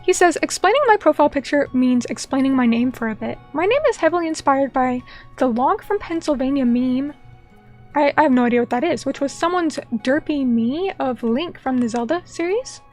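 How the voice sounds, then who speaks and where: High-voiced playful woman streamer. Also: animated, a little fast, a little mellow, soft background music. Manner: playful, teasing, mock-indignant. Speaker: VTuber streamer. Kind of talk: casual chat reading viewer comments.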